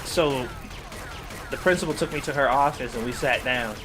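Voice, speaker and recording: A man streaming a co-op game, telling a school story in animated, profane casual chat with frequent laughs. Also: medium pitch, normal speed, music in the background. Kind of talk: casual chat while gaming.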